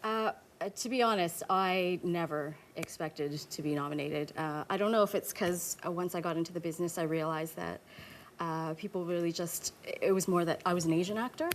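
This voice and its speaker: A woman's voice: lowish voice, slight background noise. A woman in her thirties, an actor, talking candidly as a talk show guest and laughing often. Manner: candid, quick to laugh, mimics voices in anecdotes. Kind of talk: casual interview chat.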